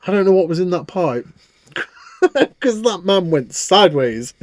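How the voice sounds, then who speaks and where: A man co-hosting a podcast, telling stories in a casual, animated way. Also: high voice, a little slow, dry recording, clean studio sound. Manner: animated storytelling with frequent laughs. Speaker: podcast co-host. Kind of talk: casual chat.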